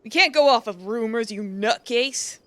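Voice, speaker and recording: A woman's voice: on the high side, moderate pace, fairly bright tone, no room sound, natural voice. A woman voicing a skeptical young female outlaw with a put-on Southern drawl, blunt and scoffing. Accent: put-on American Southern drawl.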